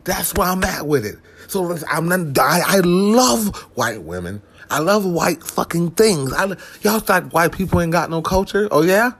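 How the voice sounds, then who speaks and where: A man vlogging straight to the camera in an animated, profane comic rant. His voice sits a little high and has a husky edge. He swings widely up and down in pitch and keeps breaking off into restarts and asides. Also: moderate pace, hardly any pauses.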